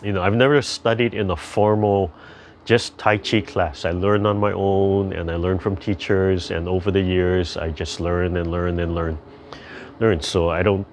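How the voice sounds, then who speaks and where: An older man leading a tai chi class over a video call, chatty and gentle as he rambles through stories and calm instructions. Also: low-pitched, normal speed, a little hiss or hum.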